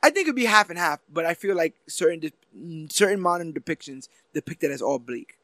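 A man's voice: fairly high pitch, expressive, a little fast, sharp tone, dry recording. Man chatting casually about comics. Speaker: podcast co-host. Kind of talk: casual chat.

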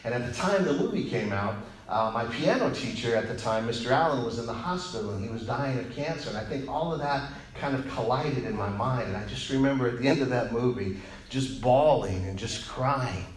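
A man in his forties preaching a sermon, an animated, joking storyteller who drops quiet and low for prayer and grief. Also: fairly quick. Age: 40s. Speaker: pastor. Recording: echoey room sound.

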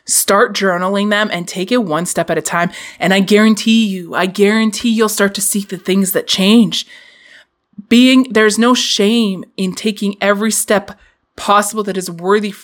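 A woman hosting a podcast, giving a candid, casual motivational talk and swearing freely. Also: mid-range voice. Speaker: podcast host.

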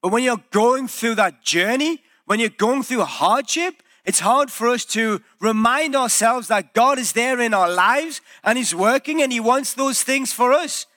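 A male pastor preaching a sermon in a church, telling the story in a lively way and acting out the quoted voices. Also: very high voice, measured pace, few pauses.

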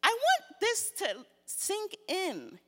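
Woman preacher, slow deliberate delivery, animated storytelling, long hall reverb, sermon reading. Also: extremely high pitch.

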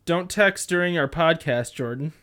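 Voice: medium pitch, moderate pace, a bit bright. A podcast host chatting casually, rambling with lots of "like" and frequent laughter.

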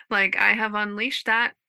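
A woman's voice: medium pitch, little pitch movement, slow pace, vocal fry, pushed and bright, clean tone, no echo. A woman hosting a podcast, chatting casually and gushing with enthusiasm. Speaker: podcast host.

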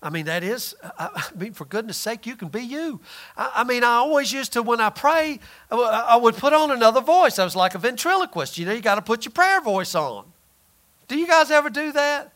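A man's voice: very high voice, big pitch swings, a little fast, fairly bright tone. A man preaching a sermon in a conversational, emphatic way, often acting out quoted voices.

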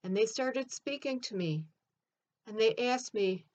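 A woman playing Mary Magdalene, telling her own story in an earnest, expressive first-person monologue. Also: a little high, measured pace.

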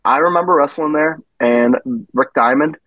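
Man acting out quotes in a lively anecdote. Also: fairly high pitch, moderate pace, no room sound, lo-fi sound. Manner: animated anecdote teller who acts out quotes and derails. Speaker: guest wrestler. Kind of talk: casual podcast chat.

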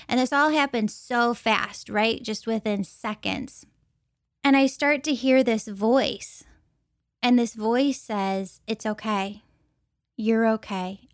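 An earnest woman tells a personal story, taking her time and lingering over each phrase. Her voice sits a little high and she circles back to repeat key words for weight. The sound is close and dry. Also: a bit bright, dry recording. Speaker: intuitive reader.

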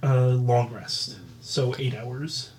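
A man acting as dungeon master, narrating scenes and settling rules in a calm, matter-of-fact way. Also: medium pitch, slow. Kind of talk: narrating a tabletop game.

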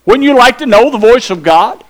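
A man's voice: very high-pitched, animated, normal speed. A pastor preaching a sermon, emphatic and drawn out, putting questions to his congregation.

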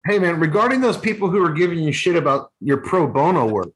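A man's voice: on the high side, sing-song, fast talker, fairly bright tone, breathy edge. A man co-hosting a podcast in casual chat, blunt and profane, handing out advice. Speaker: podcast co-host.

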